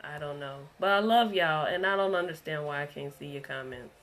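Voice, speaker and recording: A woman's voice: low-pitched, a little fast, fairly bright tone, slight background noise. A woman preaching a livestreamed testimony sermon, earnest and emphatic, driving her points home by repeating them.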